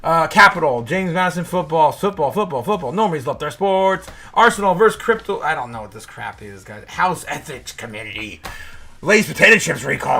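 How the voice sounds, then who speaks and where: Bright-voiced man ranting casually. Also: a little high, expressive, moderate pace. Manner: frustrated, swearing, rambling. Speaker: host of a crypto show. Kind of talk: casual livestream rant.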